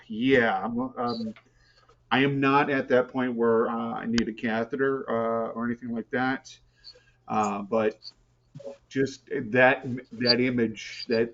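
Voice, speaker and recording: A man in a support group sharing his story on a video call, talking hesitantly with lots of fillers and restarts. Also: medium pitch. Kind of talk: casual chat on a video call. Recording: slightly muffled call audio.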